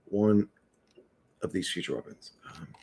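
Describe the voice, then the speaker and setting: A man's voice: low-pitched, animated, unhurried, creaky, a little mellow. A man chatting casually on a livestream, rambling and swearing, often restarting his words.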